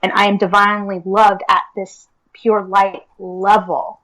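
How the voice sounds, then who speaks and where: A woman's voice: mid-range voice, flat delivery, unhurried, fairly bright tone, poor audio. Earnest woman, filler-heavy casual talk. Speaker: guest, akashic records reader and teacher. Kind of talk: casual interview chat.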